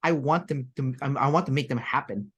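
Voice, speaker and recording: A woman's voice: very deep voice, fairly quick, slightly rough. A woman as an interview guest, talking in a rambling, chatty way with many fillers and restarts. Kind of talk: casual interview chat.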